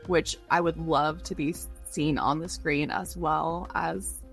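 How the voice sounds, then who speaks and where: A woman's voice: deep voice, steady tone, measured pace, vocal fry, faint music behind. A woman voice actress talking as a guest in a casual interview, bubbly and gushing, often saying "like". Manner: bubbly, gushing, heavy use of "like".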